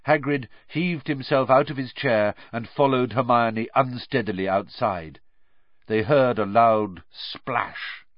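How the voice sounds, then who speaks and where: A man reading a novel aloud as an audiobook narrator, expressive and varied. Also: medium pitch, slow pace, dry recording. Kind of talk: scripted storybook narration. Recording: dry, slightly dull audio.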